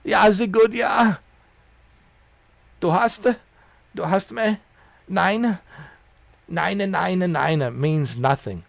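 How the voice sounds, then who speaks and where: A man doing a jokey put-on German accent as a cheerful, shouty German. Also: high voice, takes it slowly, creaky, pauses often, dry recording, pitched above the performer's own voice, exaggerated voice. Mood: mock cheerful.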